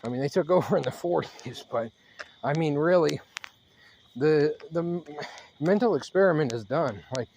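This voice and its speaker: Man, higher-pitched, ranting to camera on a fast walk outside, a bit winded, rambling with lots of fillers, faint crickets behind. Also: lively intonation, darkish tone, slight background noise. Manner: worked-up, rambling, halting with many fillers. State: slightly out of breath from fast walking. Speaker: channel host. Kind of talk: rambling monologue vlog. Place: outdoors, walking.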